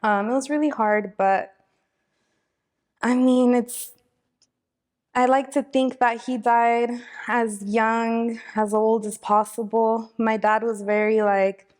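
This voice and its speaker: A woman's voice: fairly high pitch, fairly even intonation, slow, a little mellow. A young woman, talking casually and from the heart in an interview, with many fillers. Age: 20s. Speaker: interviewee, victim's daughter. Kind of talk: emotional personal interview.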